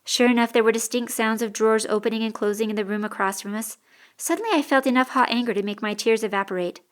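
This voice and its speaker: A woman reading a first-person audiobook in a measured, expressive storytelling voice. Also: fairly high pitch, clear, resonant tone. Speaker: audiobook narrator.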